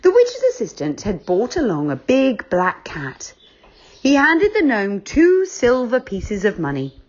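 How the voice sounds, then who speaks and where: A woman reading a children's book aloud, expressive and unhurried. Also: mid-range voice, highs cut off.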